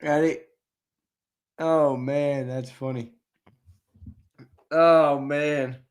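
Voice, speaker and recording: A man's voice: fairly high pitch, steady tone, extremely slow, clear, resonant tone. A man hosting a sports live stream, bantering casually, laughing often and reading viewer comments aloud. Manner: laughing, playful, reads chat aloud. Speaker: podcast host.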